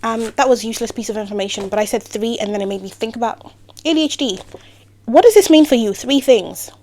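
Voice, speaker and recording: A woman's voice: on the high side, quick pace, a little mellow. A woman giving a motivational talk to camera, playful and sarcastic, breaking off into rambling asides. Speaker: vlogger.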